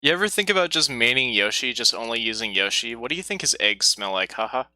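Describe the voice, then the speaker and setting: A man jokes and teases through a relaxed podcast conversation with friends. His voice is very bright and forward. The sound is dry and close. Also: mid-range voice, quick pace, no room sound. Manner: joking, teasing. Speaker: podcast co-host. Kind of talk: casual group chat.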